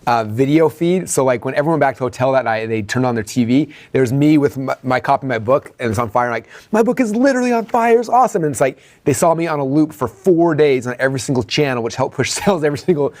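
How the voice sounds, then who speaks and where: A man coaching others as he breaks down his own sales presentation, chatting rapidly and leaning on "like" and "right?". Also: medium pitch, darkish tone. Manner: rapid, conversational, heavy on "like" and "right?".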